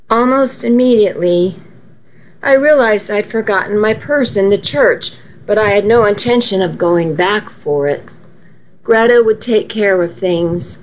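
A woman reading a first-person story aloud, unhurried and now and then correcting her slips aloud. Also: medium pitch, lo-fi sound, a little hiss or hum. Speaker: reader.

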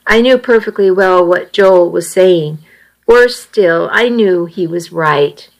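A woman reading a first-person novel aloud in an even, measured storytelling voice. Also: fairly low pitch, low-quality recording. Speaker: audiobook narrator.

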